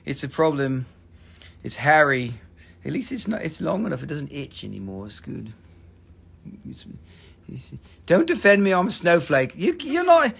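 A man's voice: a little high, wildly swooping pitch, moderate pace, creaky, long pauses, husky. A man casually hosting a live mineral sales stream, swearing and joking as he rambles. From Appalachian Valley, USA.

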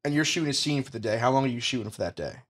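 A young man hosting a podcast, teasing his guest in jokey, rapid-fire banter. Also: medium pitch, animated, fairly bright tone, breathy edge. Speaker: podcast host. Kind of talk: joking interview banter.

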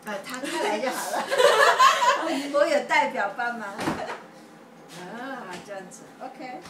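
A woman's voice: high-pitched, sing-song, takes it slowly, heavy background noise. A middle-aged mother from China who laughs and brushes off her son's requests during family banter. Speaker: mother being filmed. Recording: distant home video with loud chatter.

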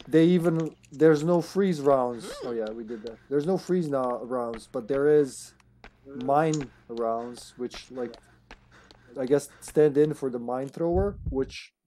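A man's voice: mid-range voice, a little hiss or hum. A man streaming a survival horror game online, chatting casually and animatedly while he plays, with some swearing. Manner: animated, swears, puts on quick voices. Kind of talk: casual gaming chat.

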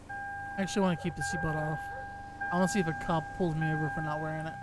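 A man's voice: on the high side, big pitch swings, quick pace, a little hiss or hum. A man playing an arms dealer in a game roleplay, chatting casually with laid-back joking asides to his viewers. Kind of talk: casual gameplay commentary and in-character talk.

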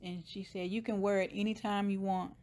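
A woman's voice: medium pitch, flat delivery, fairly quick, a little mellow. A woman casually retelling a TV episode scene by scene, briefly voicing the characters' lines. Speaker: show recapper.

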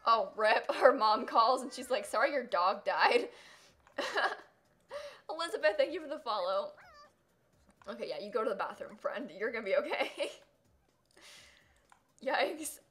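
Young woman streamer, highish voice, bouncy and lively, keeps gushing and giggling at her game. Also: moderate pace, pauses often. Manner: gushing, giggly, coos over the game pets. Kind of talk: casual livestream gameplay chat.

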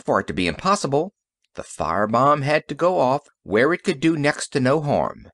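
Man voicing a confident inventor, brisk, matter-of-fact, lively pitch, dry close audiobook sound. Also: no echo. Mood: explaining. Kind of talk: audiobook character reading.

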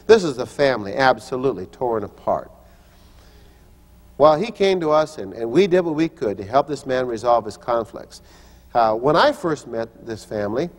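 An older male pastor delivers a storytelling sermon in a mid-pitched voice. He acts out quoted voices and restarts his phrases as he goes. A long reverb rings around him as if in a large hall. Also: a little mellow. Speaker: pastor and teacher. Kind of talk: sermon with personal stories.

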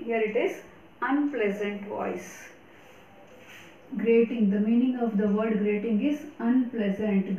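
A woman's voice: on the high side, warm tone, dull audio. Woman teaching grammar in an echoey room. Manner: slow, deliberate explanations with repetition. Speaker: English teacher. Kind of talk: recorded grammar lesson.

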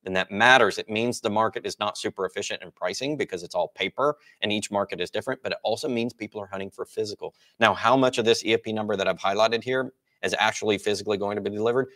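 A man's voice: lowish voice, fast, pushed and bright. A man hosting a market report, explaining charts in a casual, explanatory way. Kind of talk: financial market commentary.

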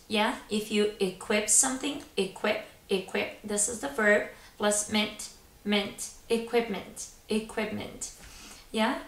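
Slow, encouraging woman teaching words. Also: medium pitch. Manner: encouraging, repeats each word slowly for learners. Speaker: English teacher. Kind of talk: vocabulary lesson with repeat-after-me drills. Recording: roomy echo, from a distance.

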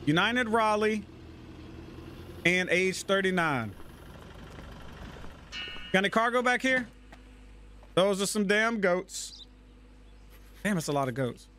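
A man commentating his own gameplay, loud and crude, breaking into excited shouts. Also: high voice, takes it slowly, long pauses, a little hiss or hum. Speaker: gaming channel host.

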